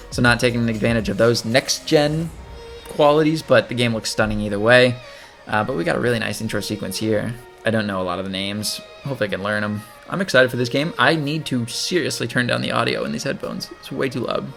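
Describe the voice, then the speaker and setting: Gravelly-voiced man chatting through gameplay. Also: mid-range voice, a bit bright. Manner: chatty, thinking aloud while playing. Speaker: gaming channel host. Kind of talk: casual gameplay commentary.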